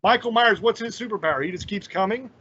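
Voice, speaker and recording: A man's voice: high voice, fast talker, sharp tone, slightly rough. A man hosting a casual chat, talking bluntly and emphatically with plenty of swearing. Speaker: podcast host. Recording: dull lo-fi audio.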